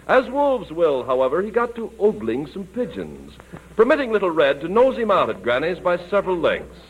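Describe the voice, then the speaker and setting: A man's voice: high voice, wildly swooping pitch, moderate pace, slightly rough, highs cut off. A man narrating a radio comedy tale in a wry, punning, racetrack-caller way. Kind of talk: racetrack-style comic narration. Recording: old radio broadcast with hiss.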